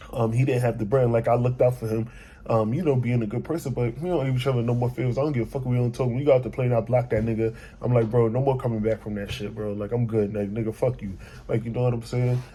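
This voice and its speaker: A young man recapping a trip on his vlog, animated and profane, retelling an argument by quoting both sides. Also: mid-range voice, slight background noise. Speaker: vlogger. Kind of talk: casual storytime vlog recap.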